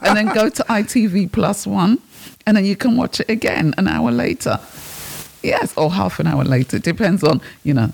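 Woman, co-host, bubbly teasing chatter, lively pitch with a gravelly rasp. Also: moderate pace. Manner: bubbly, laughs often, teasing. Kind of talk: casual radio chat.

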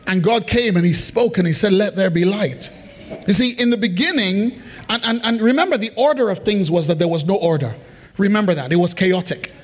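A preacher delivers a sermon in a notably high voice for a man. He repeats phrases for emphasis and keeps checking in with the congregation, pressing each point home. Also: lively intonation, a little fast. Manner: emphatic and repetitive, asks the congregation questions. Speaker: pastor.

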